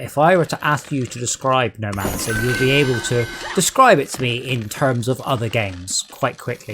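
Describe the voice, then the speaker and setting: A man's voice: medium pitch, a bit bright, a little hiss or hum. A man chatting wryly and sarcastically while streaming a video game. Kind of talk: casual gaming chat.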